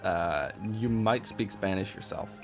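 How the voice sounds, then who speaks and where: A low-voiced man chats casually and jokingly on a live stream, laughing often and answering his chat. Faint game music plays behind him. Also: unhurried. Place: warm room at home.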